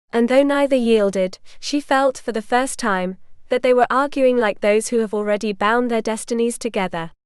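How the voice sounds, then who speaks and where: A woman narrating a historical romance audiobook in a calm, even storytelling manner. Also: on the high side, clean tone, no room sound, clean studio sound.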